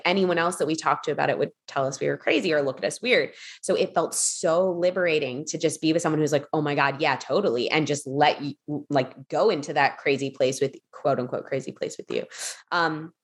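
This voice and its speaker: A woman telling a story as a podcast guest, chatty, with lots of fillers, acting out quotes in a higher voice. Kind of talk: casual storytelling in an interview.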